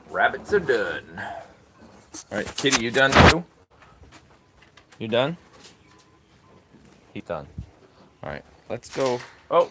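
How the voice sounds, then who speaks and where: A man with a medium, slightly bright voice hosts a live stream from a farm, chatting as he does barn chores and talking fondly to the animals. There's slight background noise.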